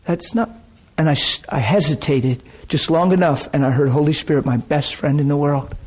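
A man preaching a sermon, telling a personal story in a dramatic, emotional way that breaks into shouts and laughter. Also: a little high, normal speed, husky, low-quality recording.

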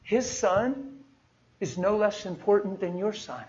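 A man's voice: high-pitched, a little slow, darkish tone. A man preaching a sermon in an earnest, folksy, conversational storytelling way. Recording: dull, muffled sound with faint noise.

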